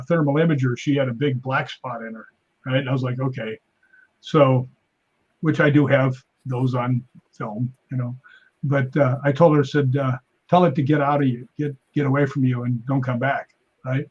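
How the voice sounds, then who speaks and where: Telling casual stories as a podcast guest, the man speaks at normal speed with a breathy edge, though the recording is muffled. A stuntman and paranormal investigator, he acts out quotes in a raised pitch with lively energy.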